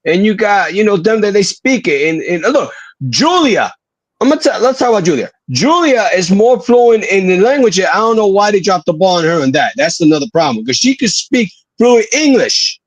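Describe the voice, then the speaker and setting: Eager, high-voiced male co-host. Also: very animated, no echo. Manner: eager storytelling with quick asides. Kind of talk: casual panel chat.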